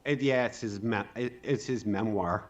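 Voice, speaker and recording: A man as a guest on a casual live stream, talking in halting bursts with restarts and laughs. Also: lowish voice.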